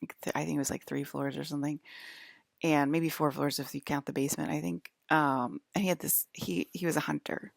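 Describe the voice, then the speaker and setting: Low gravelly woman rambling on with lots of ums, like a casual vlog. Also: fairly even intonation, fairly quick, no room sound, studio quality. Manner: rambling, hesitant, many fillers. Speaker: vlogger.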